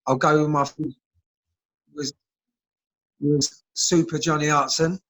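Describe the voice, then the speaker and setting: A man's voice: a little high, level tone, takes it slowly, a bit bright, poor audio. Chatty man on a video call. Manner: chatty storyteller, laughs often. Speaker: guest, former footballer. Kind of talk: casual chat.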